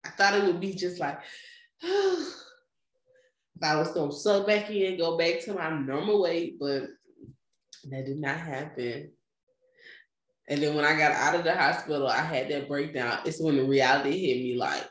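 A young woman with a low-sitting voice tells a story at a measured pace with long pauses, chatting casually and animatedly. She laughs frequently and acts out quoted voices. Her voice echoes in the room.

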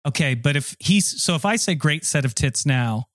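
Goofy male podcast co-host, slightly high voice, dry close sound. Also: lively intonation, normal speed, a bit bright, dry recording. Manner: goofy, mock-announcer delivery. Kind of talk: comedic podcast banter.

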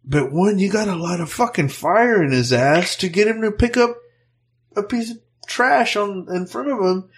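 A man in casual chat, swearing a lot and ranting about work in an animated, rambling way. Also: high-pitched, normal speed, a little hiss or hum.

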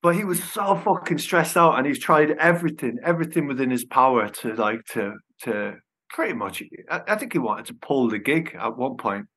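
A man's voice: mid-range voice, expressive, normal speed, a bit bright. A man hosting a casual podcast chat, reacting with short interjections and swearing freely. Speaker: podcast host.

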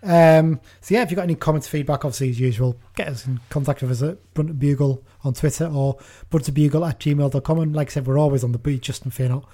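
A man hosts a casual football podcast, rattling along at a brisk pace. His voice is dark and mellow, and he sounds chatty and upbeat, quick to laugh. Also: on the high side, steady tone. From England. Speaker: podcast host.

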